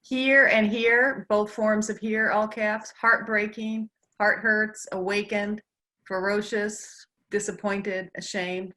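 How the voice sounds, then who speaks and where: A woman's voice: mid-range voice, level tone, slow pace, bright, forceful tone. A woman co-hosting an online session, reading out a list of words from the chat.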